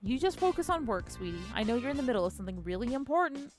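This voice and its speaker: A woman's voice: on the high side, very animated, fast, faint music behind, voice pushed up. Sweet young girlfriend, voiced by a woman. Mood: soothing. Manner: soft, pleading. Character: sweet young woman defending her boyfriend.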